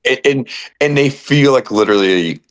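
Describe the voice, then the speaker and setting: A man co-hosting a casual wrestling podcast, telling it in an animated, ranting way and swearing freely. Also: mid-range voice, normal speed. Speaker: podcast co-host.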